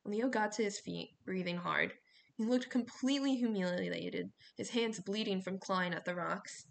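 Gravelly woman reading a novel. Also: mid-range voice, normal speed. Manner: steady storytelling with small slips. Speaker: audiobook reader.

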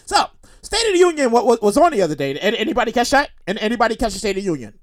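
A man hosting his own comedy show, rambling and repeating himself, with animated outbursts. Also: very high voice, rapid-fire. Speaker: podcast host. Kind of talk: comedic solo monologue.

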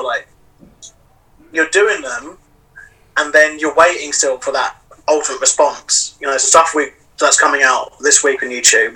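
A man chats loosely as a podcast guest, leaning on fillers and looping back on his points. His voice is sharply bright and slightly husky. He sits back from the mic, so he sounds distant over the video call. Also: fairly high pitch. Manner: rambling, heavy on fillers like "you know". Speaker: wrestling promoter and wrestler. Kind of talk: casual podcast chat.

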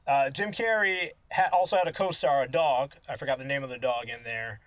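A man's voice: medium pitch, a little fast, a bit bright, no echo. Fields: Sex: man. Role: co-host. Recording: dry. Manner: joking, dry asides. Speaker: podcast co-host. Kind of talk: casual comedic chat.

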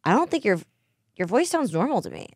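A woman's voice: mid-range voice, big pitch swings, a little fast, husky, no echo, clean studio sound. A woman in her twenties from Southern California with a Southern Californian accent, co-hosting a casual podcast chat, blunt and laughing often. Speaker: podcast co-host. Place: small studio.

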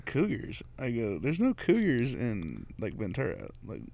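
Casting: lively twenties guy, storyteller among buddies, pitch jumps all over. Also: moderate pace, gravelly, no room sound. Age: 20s. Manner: animated, acts out voices in his stories, laughs often. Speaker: delivery driver. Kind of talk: casual storytelling among friends.

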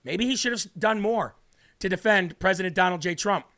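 High bright combative male host. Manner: combative, emphatic, addresses viewers directly; repeats points slowly for emphasis. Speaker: political commentary host. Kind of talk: political commentary monologue.

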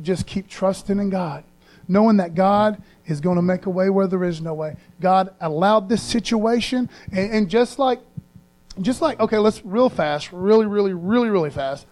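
High-voiced man preaching casually. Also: a little mellow. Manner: casual, conversational preaching with street slang; earnest, repeats phrases for emphasis. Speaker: pastor. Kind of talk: sermon.

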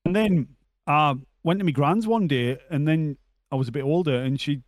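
A man telling a story in casual podcast chat, halting with many ums and likes. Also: fairly high pitch, no echo, studio quality. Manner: hesitant storytelling, many fillers.

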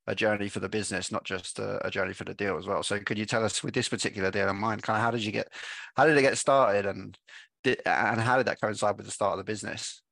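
A man co-hosting a podcast, asking guests questions in a quick, loose and friendly manner. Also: fairly low pitch, fairly even intonation, creaky, a bit bright, no room sound, studio quality. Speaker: podcast co-host. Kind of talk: casual podcast chat.

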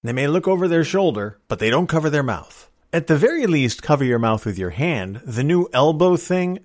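A man's voice: medium pitch, no room sound, studio quality. A middle-aged man hosting a solo podcast, talking in a folksy, opinionated and wry way. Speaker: podcast host.

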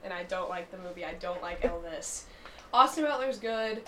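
A woman's voice: lowish voice, moderate pace, background noise. A young adult woman dropping in on a podcast and chatting casually, blunt and teasing in how she gives her opinion. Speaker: guest dropping in. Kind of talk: casual chat. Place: small booth.

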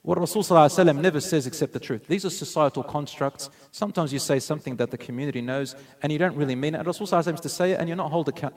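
A man's voice: mid-range voice, darkish tone. A man giving a sermon, earnestly telling stories and mixing in Arabic phrases. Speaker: preacher.

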